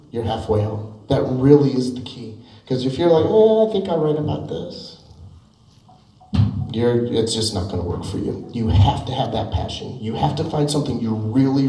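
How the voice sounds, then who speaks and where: A man's voice: medium pitch, dark tone. A middle-aged man giving a keynote speech, chatty and self-deprecating, telling stories with lots of asides. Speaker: keynote speaker. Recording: echoey hall, mic at a distance.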